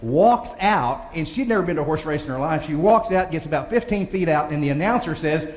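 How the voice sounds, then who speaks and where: A man's voice: on the high side, animated, fairly quick, a little mellow. A man giving a humorous banquet speech as a motivational speaker, telling folksy stories and chuckling often. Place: large banquet hall. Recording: echoey hall recording with faint ambience.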